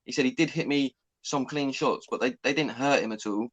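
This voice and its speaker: A man's voice: mid-range voice, brisk, dry recording. A young British man co-hosting a casual chat, heated and argumentative. He keeps acting out other people's words as he argues. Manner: animated, argumentative, acts out quotes. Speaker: co-host.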